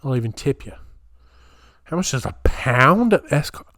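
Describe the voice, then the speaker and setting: A young man rants through a solo comedic podcast from a small room at home, his middle-pitched voice pushed and bright with big pitch swings at normal speed. He rambles between bits and riffs incredulously while reading aloud, in close, dry sound without echo.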